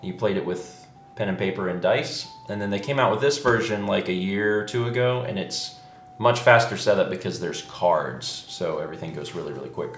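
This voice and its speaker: A man's voice: deep voice, lively intonation, a little fast, a bit bright, reverberant, faint music behind. A man hosting a stream, chatting casually and reading out game rules in an easygoing, patient way.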